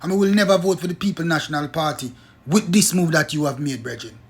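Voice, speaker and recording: A man's voice: fairly high pitch, fast talker, husky. A man with a Jamaican accent delivering a heated political opinion monologue. He speaks emphatically, repeats his points and slips into patois. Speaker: political commentator.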